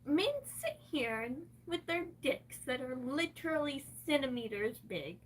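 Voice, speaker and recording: A woman's voice: high-pitched, lively intonation, measured pace, far from the mic, a little hiss or hum. A distressed woman ranting on a livestream, cursing heavily and talking in an agitated, unscripted way.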